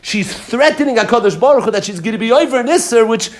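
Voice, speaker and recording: A man teaching a Talmud class in an animated lecture style, weaving Hebrew and Aramaic terms into English explanations. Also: very high voice, fast.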